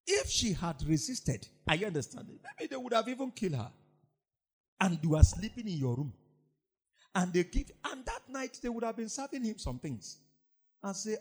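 A man preaching a sermon as pastor, swinging from loud emphatic lines to low mocking asides. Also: big pitch swings, normal speed, husky.

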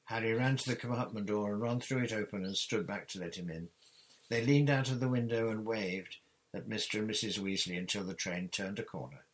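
A man with a deep, low voice reads a novel aloud. His narration is plain and steady, an amateur audiobook. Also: low-quality recording. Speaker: reader. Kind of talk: audiobook reading.

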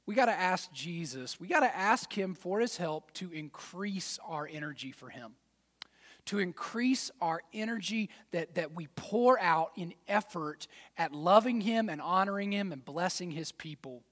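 A man preaching a sermon as pastor, folksy and direct, dropping to quiet asides and then rising to loud fired-up exhortation. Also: high-pitched, lively intonation, unhurried, big-room sound. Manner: folksy, addresses congregation as y'all and man.

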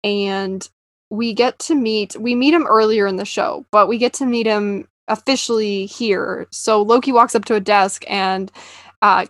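A woman's voice: medium pitch, steady tone, a little slow, dry recording, clean studio sound. A young woman chatting enthusiastically about a TV series, with lots of fillers. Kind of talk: casual chat about a TV series.

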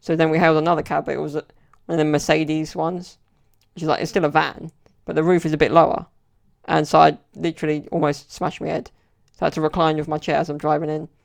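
A man's voice: a little high, flat delivery, quick pace, creaky, hardly any pauses. A man hosting a solo podcast, telling stories in a rambling, casual way with plenty of fillers. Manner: rambling storyteller, many fillers. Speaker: podcast host.

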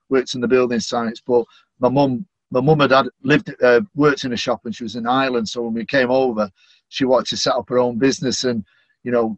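A middle-aged Mancunian man talks in a relaxed, chatty way and leans on "you know" as he goes. His voice sits at an ordinary pitch. The recording is dry and a little muffled. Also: no echo. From Manchester, England. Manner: warm, chatty, lots of "you know" fillers. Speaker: stadium announcer, podcast guest. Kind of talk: casual interview chat.

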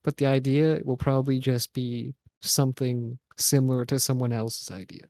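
A man's voice: mid-range voice, steady tone, normal speed, mellow, no echo. A young man co-hosting a podcast, joking around in casual chat, swearing and laughing often. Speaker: podcast co-host.

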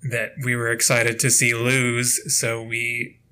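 A young man co-hosts a relaxed podcast conversation, his voice bright and forward. He laughs often and rambles with easygoing fillers. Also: medium pitch, takes it slowly. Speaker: podcast co-host. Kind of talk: casual chat.

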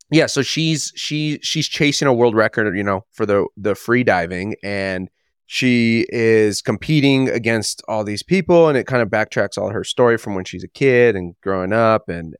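A man co-hosting a podcast in casual chat, rambling and correcting himself as he gets excited. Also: lowish voice, clear, resonant tone, dry recording, studio quality. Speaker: podcast co-host.

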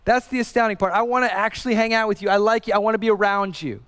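A man's voice: high-pitched, fast, fairly bright tone, clear, resonant tone. A man in his thirties preaching a sermon in an earnest, conversational way, full of casual fillers and restarts. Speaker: pastor. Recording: reverberant hall.

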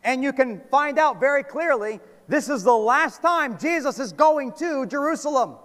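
High-voiced preacher man in a reverberant church. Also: expressive, normal speed. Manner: dramatic, swings from loud calls to hushed low lines. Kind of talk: sermon. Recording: long hall reverb.

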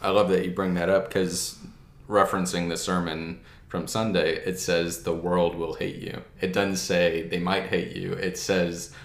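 A man hosting a church conversation, calmly affirming his guest and drawing out lessons. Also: low-pitched, a little slow. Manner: calm, affirming, draws out lessons. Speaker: host. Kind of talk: casual chat. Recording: roomy echo.

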